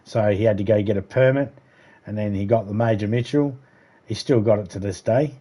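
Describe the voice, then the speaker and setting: Sweary Australian man with a mellow voice. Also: on the low side, brisk. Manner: profane, sarcastic, rambling. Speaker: livestreamer. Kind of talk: casual storytelling chat.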